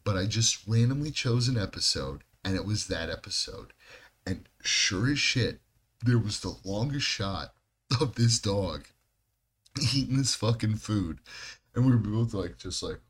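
A man's voice: on the low side, lively intonation, a little slow. A man co-hosting a podcast, telling rambling stories in casual chat, swearing heavily and laughing often. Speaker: podcast co-host.

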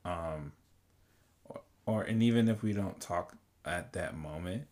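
Deep slow soft-spoken man. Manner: soft-spoken, unhurried, lots of quiet agreement. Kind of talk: casual couples chat.

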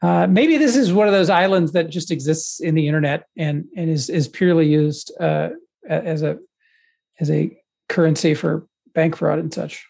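A man's voice: a little high, fairly even intonation, moderate pace, gravelly, darkish tone. A man co-hosting a podcast, bantering casually in a wry, teasing, mock-dramatic way. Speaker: podcast co-host.

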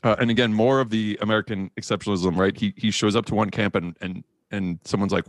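Male podcaster, low voice, dry close mic, sarcastic wit. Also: steady tone, quick pace, hardly any pauses, dry recording. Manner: sarcastic, wry. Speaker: podcast co-host. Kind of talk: casual movie discussion.

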